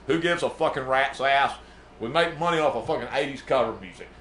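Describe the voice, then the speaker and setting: A man's voice: mid-range voice, brisk, fairly bright tone, a little hiss or hum, close to an everyday voice. A man playing a brash, profane music manager, rambling and boasting in an improvised comedy bit. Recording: echoey room.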